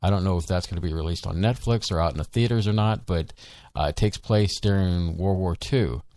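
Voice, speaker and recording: Male co-host, deep, casual rambling chat, dry recording. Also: brisk, a little mellow, no echo. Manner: rambling, many ums and restarts. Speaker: podcast co-host. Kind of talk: casual live-stream chat.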